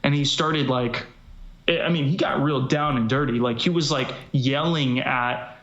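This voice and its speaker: A man's voice: medium pitch, unhurried, a bit bright. A man co-hosting a casual live-stream chat about fighting, rambling with many fillers and asides. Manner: rambling, lots of fillers and "you know". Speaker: MMA show co-host. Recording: echoey, slightly dull sound.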